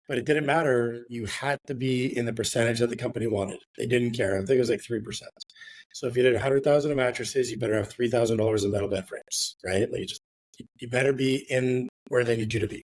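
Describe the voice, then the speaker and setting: A middle-aged man tells a work story in an easy, rambling way, leaning on fillers and a habitual "right?", with the odd curse word. His voice sits at an ordinary middle pitch. The recording is dry and close, with no room sound around him. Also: quick pace, dry recording. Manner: rambling, filler-heavy, swears, ends with "right?". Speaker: real estate agent guest. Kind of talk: casual storytelling interview.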